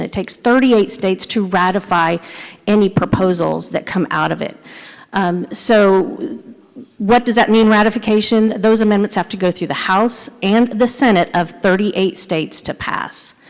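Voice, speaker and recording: A woman delegate giving testimony to a committee at a hearing. She talks in a steady, explanatory way, like a civics lesson. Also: medium pitch. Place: large convention hall. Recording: echoey large convention hall.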